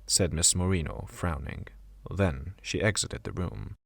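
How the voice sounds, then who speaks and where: A man narrating a horror story audiobook in a measured, steady way. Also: deep voice, vocal fry, breathy edge, no echo, studio quality. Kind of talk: scripted narration.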